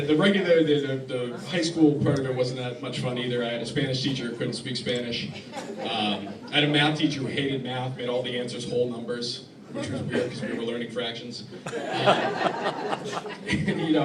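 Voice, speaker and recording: Deadpan man doing stand-up, far off. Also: mid-range voice, crowd noise. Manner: deadpan, halting, many restarts. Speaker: stand-up comedian. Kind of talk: stand-up comedy set. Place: club hall with live audience laughing. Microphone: phone recording from the crowd. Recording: echoey distant phone recording of a club.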